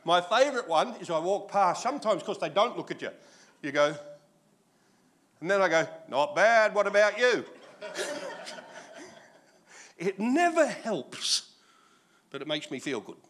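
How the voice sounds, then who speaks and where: A man in his sixties with an Australian accent, preaching a sermon as pastor in a jokey, animated storytelling manner. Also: sits high, normal speed, pauses often.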